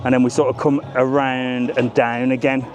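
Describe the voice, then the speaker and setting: A travel vlogger walks along a busy seafront on a live vlog, chatting and joking with viewers. His mid-range voice has little pitch movement and a normal speed. Loud music plays nearby, and the audio sounds dull.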